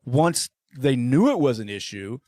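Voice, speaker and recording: A man co-hosting a casual podcast chat, rambling and swearing, his voice often trailing off quietly at the ends of phrases. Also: mid-range voice, very animated, unhurried, dry recording, studio quality. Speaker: podcast co-host.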